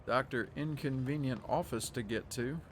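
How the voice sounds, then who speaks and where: A man's voice: mid-range voice, normal speed, noisy background. A man streaming a video game live, making playful, sarcastic commentary and talking back to the characters.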